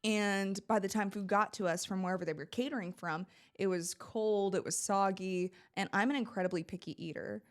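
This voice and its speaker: A woman's voice: mid-range voice, fairly even intonation, a little fast, hardly any pauses. Chatty young woman telling stories. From Central Florida, USA. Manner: chatty, rambling, laughs often. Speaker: podcast guest. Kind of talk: casual storytelling chat.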